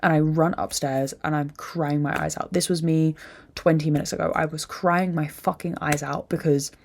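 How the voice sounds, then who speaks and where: A young woman talks alone into the mic, her voice sitting low and dark. She is drained and upset, and she vents openly with plenty of swearing. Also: fairly even intonation, moderate pace, slight background noise. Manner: emotional venting, frequent swearing. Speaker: podcast host. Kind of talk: candid solo monologue.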